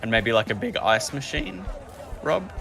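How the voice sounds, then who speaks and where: A man's voice: medium pitch, animated, a little slow, vocal fry, over music, a crowd in the background. A man playing a tabletop game, joking and teasing in casual chat. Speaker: player.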